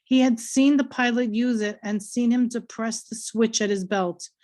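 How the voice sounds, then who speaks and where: A woman reading a novel aloud in a steady, earnest storytelling voice. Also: fairly high pitch, normal speed. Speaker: reader.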